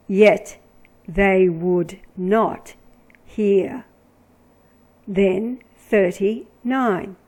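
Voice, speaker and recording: Slow, deliberate woman reading scripture. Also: medium pitch, gravelly, a little mellow, rough recording. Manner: deliberate, emphatic, drawing out words when reading verses. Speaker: religious commentator.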